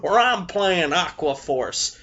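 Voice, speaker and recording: A man voicing an overeager young male card player in a squeaky falsetto. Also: animated, slow, pushed and bright, lo-fi sound, exaggerated voice. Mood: mock-cheerful. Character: shrill overeager young male player announcing his deck.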